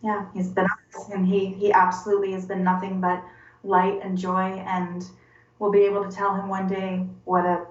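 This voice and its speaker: A woman's voice: medium pitch, monotone. Earnest woman, 40s, stumbling over her words, sounds far from the mic, a bit muffled. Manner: halting and earnest, repeating words as she searches. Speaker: interview guest. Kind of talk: personal testimony interview. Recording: roomy, distant and dull-sounding.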